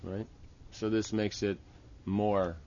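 A man's voice: on the low side, flat delivery, slow, mellow, a little hiss or hum. Lo-fi man explaining worship steps. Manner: explanatory, repeats "Right?" to check understanding. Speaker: religious teacher. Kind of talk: instructional talk on temple worship.

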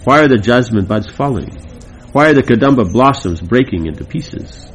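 A man's voice: medium pitch, lively intonation, normal speed, slight background noise, close to an everyday voice, low-quality recording. A man reading aloud the part of a lovesick young woman in a devotional play, lamenting.

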